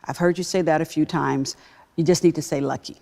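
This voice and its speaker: A woman executive telling a personal story in a talk-show interview, emphatic and animated. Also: sits low, a little fast, vocal fry. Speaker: guest, business executive.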